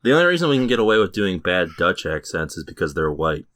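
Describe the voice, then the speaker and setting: A man's voice: sits low, very animated, fast, fairly bright tone. A man hosting a casual comedy podcast about television, joking and laughing often with his co-hosts. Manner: jokey, laughs often, trailer-voice intro. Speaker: podcast host.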